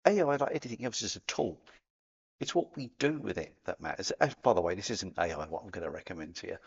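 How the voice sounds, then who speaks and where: A man's voice: on the low side, highs cut off. A man with a Cockney accent talking casually to camera as a spiritual vlogger, chatty and playful, dropping in sound effects. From England.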